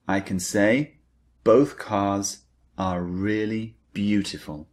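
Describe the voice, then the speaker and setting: A man's voice: on the low side, a little mellow. A man teaching an English grammar lesson, who repeats key points and stresses the target words. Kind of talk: slow, deliberate grammar lecture.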